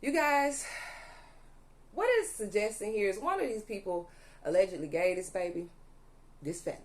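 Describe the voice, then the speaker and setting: Reading cards for her audience, this young tarot reader uses an expressive mid-range voice at normal speed. She's emphatic, repeats herself, keeps returning to "allegedly" and "okay?", and occasionally sounds audibly angry.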